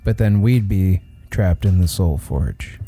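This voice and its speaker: Slow, low-voiced man arguing in character. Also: lively intonation, dark tone, faint music behind. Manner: emphatic, argumentative. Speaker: player. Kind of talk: in-character tabletop game play.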